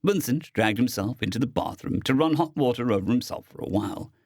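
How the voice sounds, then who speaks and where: A man narrating a science fiction story as an audiobook reader, expressive in delivery. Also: medium pitch, brisk, no echo, studio quality. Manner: expressive, with lively intonation.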